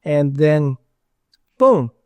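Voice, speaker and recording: A man's voice: a little high, very animated, very slow, clean tone, no echo. A man being interviewed, telling a story casually in a rambling way, with lots of fillers and acted-out quotes. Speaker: interview guest.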